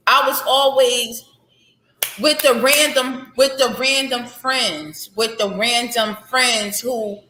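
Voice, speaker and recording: A woman's voice: fairly high pitch, bright, forceful tone. A woman in her thirties, an author guest, speaking candidly and heartfelt about faith and healing, repeating phrases for emphasis. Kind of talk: candid interview conversation. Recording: echoey room.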